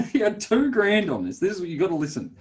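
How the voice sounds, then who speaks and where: A man's voice: sits high, sing-song, fairly quick. An Australian man co-hosting a casual podcast, teasing and laughing as he tells stories. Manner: laughs a lot, teasing storyteller. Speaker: podcast co-host. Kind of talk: casual chat.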